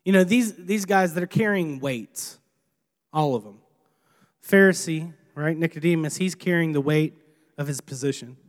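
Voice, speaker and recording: A man, a young adult pastor, preaching a sermon in a lively, animated way, sometimes acting out strained, breathless voices. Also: fairly high pitch, moderate pace.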